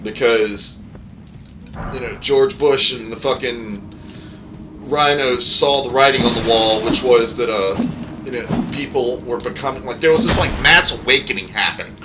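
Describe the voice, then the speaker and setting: A man's voice: mid-range voice, normal speed. Profane ranting man in his thirties. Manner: profane, rambling, heated rants. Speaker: gaming channel host. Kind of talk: ranting casual commentary. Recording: noisy home recording.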